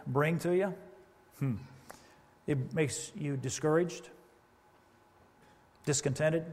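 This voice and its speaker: Man, pastor, sermon, high voice, conversational asides, reverberant church hall. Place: church sanctuary.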